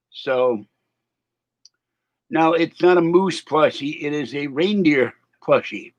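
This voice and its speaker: A man's voice: a little high, takes it slowly, pauses often. A man rambling on a casual live stream, distracted and laughing at his own remarks, with a slight cold and a little out of breath. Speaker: vlogger.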